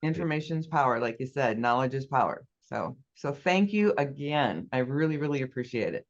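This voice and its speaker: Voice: medium pitch, expressive, moderate pace. A guest in a casual interview, earnestly explaining a product step by step. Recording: dull lo-fi audio.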